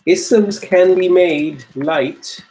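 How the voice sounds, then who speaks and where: Very slow and darkish in tone, this high-sitting male voice belongs to a teacher giving an online Arabic grammar lesson. He restates each point with patience and confirms his students are following along.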